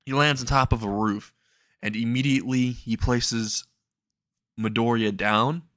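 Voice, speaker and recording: A man's voice: mid-range voice, fairly even intonation, measured pace, fairly bright tone, no echo. A man casually narrating a made-up fan story, rambling with restarts and small chuckles.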